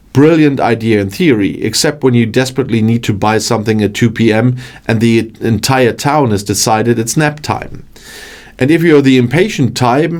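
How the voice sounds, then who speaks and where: A man's voice: mid-range voice, a little mellow. A man hosting his channel, reading a scripted narration with a wry, joking delivery. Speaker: channel host.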